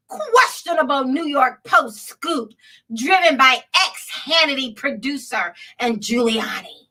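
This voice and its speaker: Sarcastic woman with a bright, high voice. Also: distant mic, rough recording. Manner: sarcastic, laughs often, reads headlines aloud. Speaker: show host. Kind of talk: political commentary.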